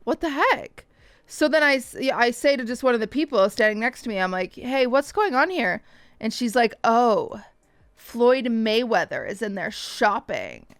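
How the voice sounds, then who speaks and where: A young woman streamer casually telling her viewers a story, swearing freely and quickly mimicking other people's lines. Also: fairly high pitch, no room sound.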